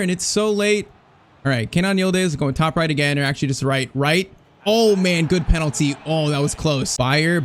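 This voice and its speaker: Excitable young man yelling over gameplay. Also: a little high. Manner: swings from tense muttering to yelling, says "bro" often. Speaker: gaming channel host.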